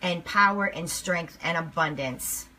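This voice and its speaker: A woman speaking emphatically to camera as a motivational speaker, swinging between loud and hushed lines. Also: on the low side, measured pace, slight background noise.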